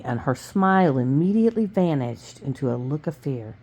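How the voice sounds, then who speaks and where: Woman reading a story aloud, low-voiced. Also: brisk, few pauses. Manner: steady with small stumbles. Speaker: reader.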